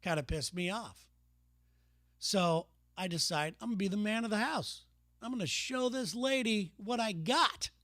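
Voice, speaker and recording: A man's voice: high-pitched, moderate pace, fairly bright tone, no room sound, clean studio sound. Profane, exasperated male comedian storyteller. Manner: profane, exasperated, self-mocking. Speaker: comedian and podcast host. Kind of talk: comic storytelling monologue.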